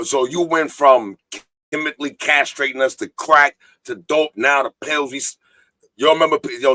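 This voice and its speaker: A man's voice: mid-range voice, sharp tone, no room sound. A man hosting a live-stream talk show, preaching profanely and reading viewer comments aloud. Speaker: podcast host.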